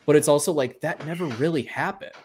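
A man's voice: a little high, quick pace, a little mellow, a little hiss or hum. A man in casual chat, speaking candidly and a bit rambling about personal lessons. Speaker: podcast co-host.

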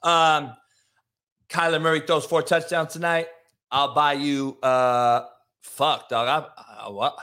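A loud-mouthed male sports host on a solo show, trading insults with the people in his live chat. His voice sits a bit higher than most men's and comes out tense and sharp. He swears constantly and sounds completely sure of himself. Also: fairly even intonation, takes it slowly. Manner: brash, profane, combative; talks to live chat viewers. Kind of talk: solo sports talk rant.

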